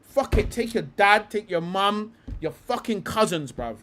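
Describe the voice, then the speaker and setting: Young male livestream host, high and lively voice, profane slang-heavy ranting. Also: a little slow, slight background noise.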